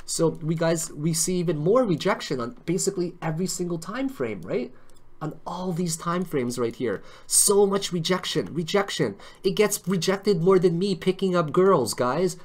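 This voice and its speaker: A man's voice: high voice, animated, normal speed. A man hosting a live stream on crypto charts, chatty and joking, always checking in with tag questions.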